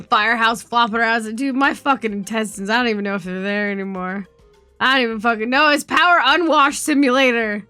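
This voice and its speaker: Woman streamer, high voice, dry close sound, faint music behind, animated, swearing, laughing a lot. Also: no room sound. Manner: animated, profane storytelling with frequent laughter. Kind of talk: casual chat.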